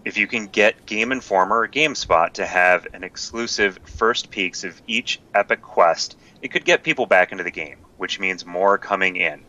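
A man guest-hosting a podcast, reading a listener email aloud in a plain, steady way. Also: sits low, moderate pace, hardly any pauses, muffled recording.

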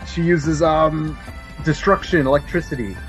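A man chatting casually about a video game, animated and rambling, often restarting his sentences. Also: fairly high pitch, normal speed, loud music behind the voice, rough recording. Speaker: podcast guest co-host. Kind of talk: casual gaming chat.

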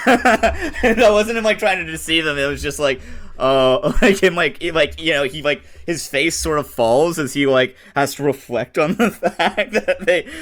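A man's voice: on the high side, fairly bright tone. A man playing a tabletop game, rambling with many fillers and laughs. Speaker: player. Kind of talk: casual tabletop play.

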